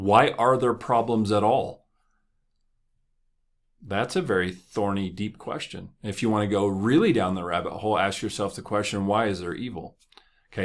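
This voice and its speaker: A man with a fairly low voice hosts a motivational podcast. He talks in a loose, conversational way, tosses in asides, and laughs at his own stories. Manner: conversational, joking, laughs often. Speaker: podcast host.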